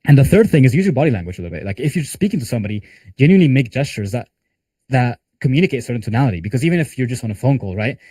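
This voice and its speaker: A man's voice: mid-range voice, very animated, very fast, mellow, slightly rough, no echo. A man who is a sales coach, running a live group training call in a conversational way with casual fillers. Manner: conversational, talks with hands-on examples and casual fillers.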